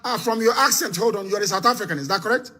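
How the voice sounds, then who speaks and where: A man hosting a live call-in broadcast, speaking in an impassioned, rousing way that often swells into shouting. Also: sits high, very fast, heavy background noise. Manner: impassioned, rousing, scornful, raises his voice to shouts. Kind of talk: fiery live address and call-in.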